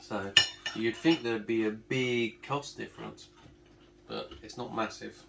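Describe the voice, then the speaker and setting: A man, calmly explaining test results in a casual home chat. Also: fairly low pitch, unhurried, gravelly, slight background noise. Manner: calm, explanatory. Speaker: vlog co-host. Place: home kitchen. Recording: echoey room.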